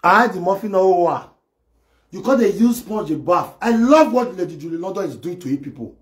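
A man doing a comic live-stream rant, excitable and mocking as he acts out imagined scenes. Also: high-pitched, normal speed. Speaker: comedy live video host. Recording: echoey room.

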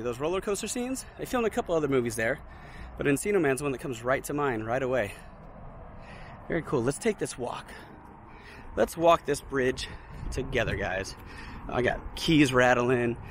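Excited man vlogging outdoors. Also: mid-range voice, noisy background. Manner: excited, chatty, talks to viewers as "guys". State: slightly out of breath. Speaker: vlogger visiting a film location. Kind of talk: casual walking vlog to camera. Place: outdoors by a steel bridge in hot dry hills.

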